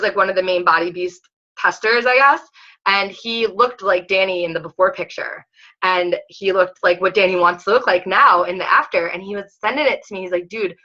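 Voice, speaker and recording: Bright-voiced excitable health coach woman. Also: medium pitch, lo-fi sound. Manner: excitable storyteller, acts out quotes, many "like"s, casual swearing. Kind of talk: motivational talk to her coaching team.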